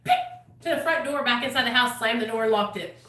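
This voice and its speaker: A woman hosting a channel tells her recovery story to camera, blunt and foul-mouthed, with heavy swearing and lots of fillers. Her voice is a little high and a little fast, set against background noise in an echoey room, somewhat distant from the mic.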